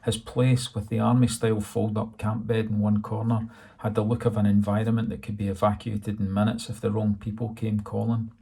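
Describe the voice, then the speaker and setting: A man narrates his own novel in a low, flat, gravelly voice. His tone is dark and husky, and he tells the story in a dry, steady way. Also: a little fast. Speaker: author reading his novel. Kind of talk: audiobook narration.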